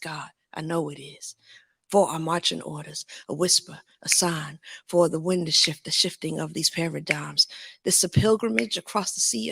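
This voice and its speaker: Deliver this as a woman poet with a low, gravelly voice, recited in steady rhythm in a dry, close-miked space. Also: no room sound. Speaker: spoken word poet. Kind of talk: spoken word poetry performance.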